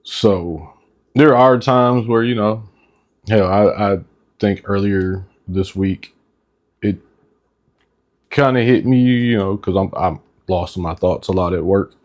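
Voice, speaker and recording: A man co-hosting a casual podcast, speaking in a halting, reflective way with lots of "you know". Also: lowish voice, a little mellow. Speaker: podcast co-host.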